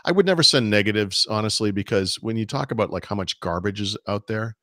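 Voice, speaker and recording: A man's voice: lowish voice, fast, bright, forceful tone, no room sound, studio quality. A middle-aged man co-hosting a podcast, chatting casually and rambling through long asides with many restarts. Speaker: podcast co-host. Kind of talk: casual chat.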